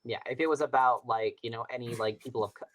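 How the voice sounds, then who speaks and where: A man from Long Island co-hosting a podcast, reacting excitably and emphatically in casual chat. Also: mid-range voice, fast. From Long Island, New York. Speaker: podcast co-host.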